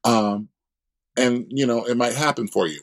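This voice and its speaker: An easygoing male co-host introduces segments in a relaxed, sassy way. His voice sits at a middle pitch, and he leans on drawn-out fillers as he talks. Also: no echo. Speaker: podcast co-host. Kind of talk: casual chat.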